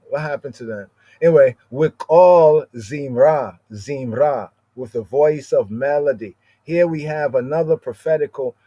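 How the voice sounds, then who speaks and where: A man leads a scripture study on a podcast livestream at a middle pitch. He keeps punctuating his points with "right?" and stretches out Hebrew words in a slow chant before explaining them. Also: darkish tone. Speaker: Rastafari podcast teacher.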